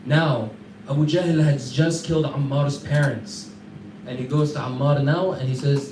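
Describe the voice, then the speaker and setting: A man's voice: fairly high pitch, measured pace. Man telling a story in an echoey classroom. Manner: casual animated retelling with Arabic fillers. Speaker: Islamic class teacher. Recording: echoey room, distant mic, background noise.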